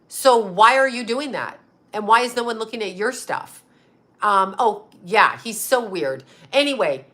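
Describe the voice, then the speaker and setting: A middle-aged woman, a psychic medium, ranting on a livestream with angry, profane, rapid-fire questions aimed at a critic. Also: a little high, pushed and bright. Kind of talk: heated livestream rant to viewers.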